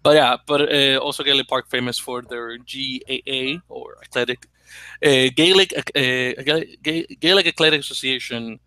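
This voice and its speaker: Bright-voiced man in casual podcast chat. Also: medium pitch, moderate pace, no echo. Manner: rambling, hesitant, many fillers and restarts. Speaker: podcast co-host.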